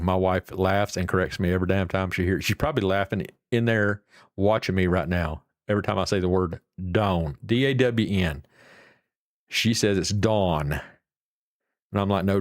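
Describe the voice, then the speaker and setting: A man's voice: low-pitched, no room sound, clean studio sound. A middle-aged man, chatting casually and rambling to his livestream viewers. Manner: rambling, folksy, swears casually. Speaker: livestream host.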